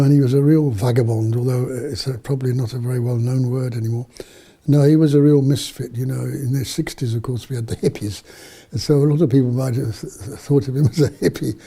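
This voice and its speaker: Husky dark-voiced priest telling stories. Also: male voice, mid-range voice, steady tone, a little fast. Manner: rambling, with many fillers and restarts. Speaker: priest and missionary. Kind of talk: storytelling in an interview.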